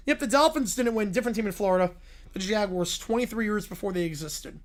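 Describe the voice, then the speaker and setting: A male streamer chats on a live reaction stream. His pitch swings widely as he goes from goofy bits to dry, deadpan asides. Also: a little fast. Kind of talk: livestream reaction chat.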